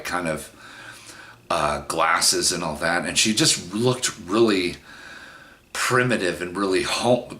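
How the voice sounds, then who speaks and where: A man's voice: low-pitched, pushed and bright. A middle-aged man telling a personal story in a rambling, frank and profane way, with many restarts. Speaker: vlogger. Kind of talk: casual storytelling monologue.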